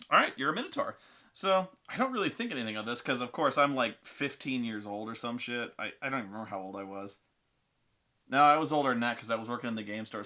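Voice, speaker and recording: Dude ranting through an old gaming story, swears a lot, bright edgy voice. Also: male voice, medium pitch. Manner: profane, animated, rambling. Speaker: storyteller and host. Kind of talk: casual storytelling.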